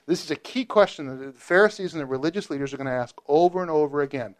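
Joking, animated male Bible teacher. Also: a little high, fast talker. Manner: animated, joking, asks the group questions. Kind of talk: informal Bible teaching to a group.

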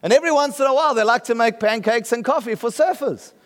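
Talking fast in a very high-pitched voice, a South African-accented pastor gives a sermon in a chatty manner. He often asks the congregation whether they understand, and his voice carries a long reverb tail.

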